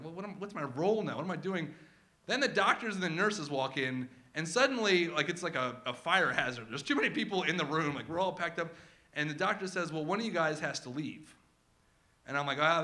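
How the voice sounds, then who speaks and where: Male storyteller, 30s, slightly high voice, comic and animated, live first-person storytelling. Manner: animated, comic, acts out his kids' voices.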